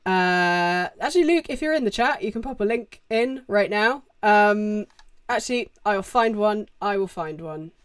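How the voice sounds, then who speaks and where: A woman's voice: medium pitch, expressive, measured pace, clear, resonant tone, no echo, studio quality. A young woman chatting casually on a live-stream Q&A at home, rambling through viewer questions with lots of fillers into a desk microphone.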